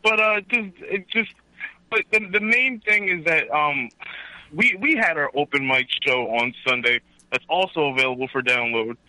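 A man's voice: on the high side, sharp tone, dry recording, low-quality recording. A man calling in to a talk radio show. He rambles and keeps restarting his sentences. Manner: rambling, halting, lots of restarts. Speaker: caller and fellow show host.

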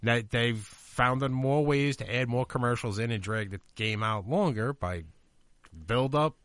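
A man's voice: medium pitch, a little slow, fairly bright tone, dry recording, studio quality. Matter-of-fact male radio co-host. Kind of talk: casual talk radio banter.

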